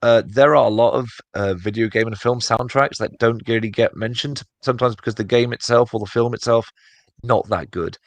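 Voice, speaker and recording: A man's voice: mid-range voice, fairly even intonation, fairly quick, no echo, muffled recording. A man co-hosting a casual podcast chat, rambling with many fillers and restarts. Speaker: podcast co-host.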